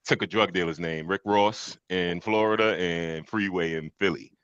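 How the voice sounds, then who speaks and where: A man's voice: deep voice, moderate pace, a bit bright, clean tone, dry recording, lo-fi sound. A man hosting a casual podcast discussion, reflective and thinking aloud with fillers. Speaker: podcast host. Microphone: streamed podcast mic.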